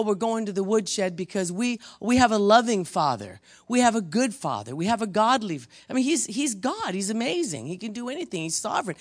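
Pastor preaching in church, gravelly voice, big swings from loud rebuke to quiet and intense. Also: mid-range voice. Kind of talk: sermon. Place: church service before a congregation.

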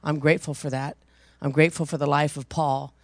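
A woman preaching a sermon, telling a personal story conversationally and rising into loud, emphatic preaching. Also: sits low, little pitch movement, brisk, no echo.

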